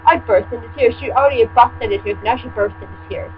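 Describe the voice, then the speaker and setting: A woman reads a story aloud and keeps breaking off for sarcastic, deadpan commentary. Her voice sits a touch high. A steady electrical hum runs under her home recording. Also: quick pace, lo-fi sound. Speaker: fan fiction reader and commentator. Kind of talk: comedic reading with commentary.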